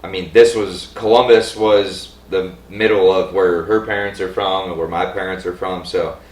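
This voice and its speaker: A man guesting on a casual podcast, relaxed and matter-of-fact with a fairly low voice. He sits a little off-mic, with a roomy echo around him. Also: moderate pace, recorded from a distance. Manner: easygoing, matter-of-fact storytelling. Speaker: MMA fighter, guest. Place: his home.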